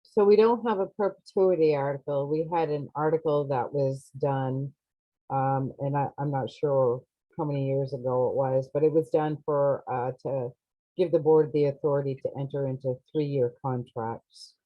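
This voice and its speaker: A woman's voice: very deep voice, fairly even intonation, moderate pace, no echo. A woman town official explaining matter-of-factly at a town meeting. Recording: dry close sound, dull lo-fi.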